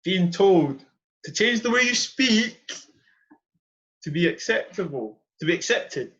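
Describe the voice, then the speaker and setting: An animated, high, somewhat bright voice comes through a muffled recording as a young Edinburgh podcast host speaks unhurriedly. In his earnest conversational monologue, he argues passionately and repeats his central points for emphasis.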